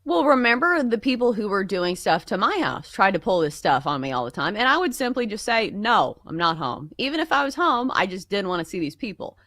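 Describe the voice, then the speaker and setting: A woman's voice: medium pitch, big pitch swings, a little fast, few pauses, fairly bright tone, no echo. A young woman co-hosting a sports betting show, chatting casually in a blunt, emphatic way. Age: young adult. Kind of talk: casual chat.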